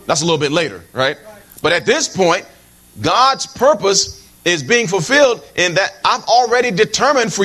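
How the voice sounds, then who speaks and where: Animated, fairly high-voiced male preacher. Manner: animated and humorous, with frequent asides to the congregation; repeats words and restarts phrases while preaching. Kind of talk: sermon.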